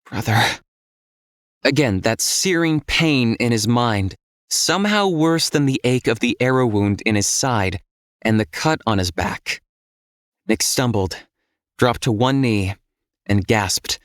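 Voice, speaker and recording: A man narrates an audiobook in a steady, measured storytelling voice at medium pitch. The recording is dry with clean studio sound.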